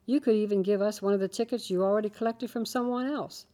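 A woman's voice: mid-range voice, steady tone, quick pace, warm tone, close to an everyday voice. Woman voicing a coaxing teenage boy. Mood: urging. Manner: urging.

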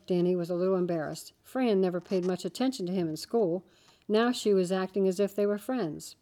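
A woman reading a children's story aloud, with steady, gentle storytelling. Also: fairly low pitch, fairly quick. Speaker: narrator.

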